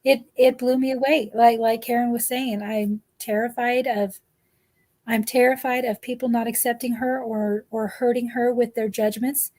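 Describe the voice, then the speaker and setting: A woman's voice: a little high, flat delivery, normal speed, darkish tone. A woman guest on a live chat, speaking earnestly and emotionally as a parent, often repeating her words. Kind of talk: heartfelt live-stream chat.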